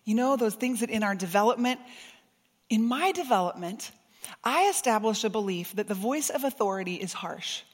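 Woman preacher, sermon, high voice, expressive, soft to emphatic, long hall reverb. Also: moderate pace.

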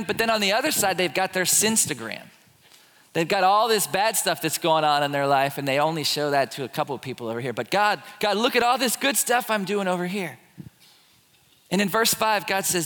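A man preaching from the pulpit in a high, bright voice, animated and playful as he acts out the voices of complainers. His words ring out with the long reverb of a church hall. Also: a little fast. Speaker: pastor. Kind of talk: sermon. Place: church sanctuary.

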